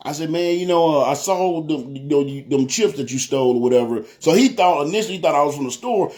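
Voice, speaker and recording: A man's voice: fairly high pitch, fast talker, few pauses, darkish tone. A young man, telling a testimony in a casual sermon and often asking "you know what I'm saying.". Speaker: preacher.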